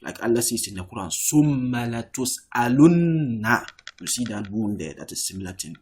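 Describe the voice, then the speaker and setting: Um professor de árabe numa aula online, que explica com paciência, repete as palavras e diz "okay" com frequência. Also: male voice, deep voice, fast talker, breathy edge. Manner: explains patiently, repeats words, says "okay" often. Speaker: Arabic teacher. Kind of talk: online language lesson.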